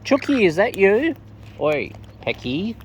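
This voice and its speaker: A woman's voice: medium pitch, very animated, takes it slowly. Woman coaxing wild birds. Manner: coaxing, playful baby talk to birds. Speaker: bird-feeding vlogger. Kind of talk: casual talk to wild birds. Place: outdoors among wild birds. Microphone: phone held close. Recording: outdoor phone recording, loud bird noise.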